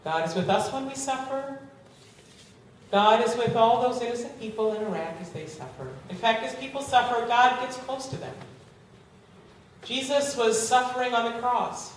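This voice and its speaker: A fairly high-voiced woman pastor delivering a sermon, carried along by lively storytelling. She sounds distant from the mic in a very echoey church hall, with a faint hiss underneath. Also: moderate pace. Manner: lively storytelling, acting out the people in her story.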